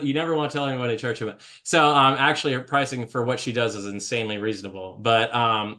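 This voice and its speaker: A man's voice: mid-range voice, a bit bright. Rambling, joking male show host. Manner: rambling, self-interrupting, jokey. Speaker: live trading show host. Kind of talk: casual live stream chat.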